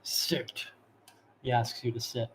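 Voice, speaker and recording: A man's voice: medium pitch, little pitch movement, normal speed, noisy background. A man running a tabletop game as game master, describing scenes in a casual, loose way.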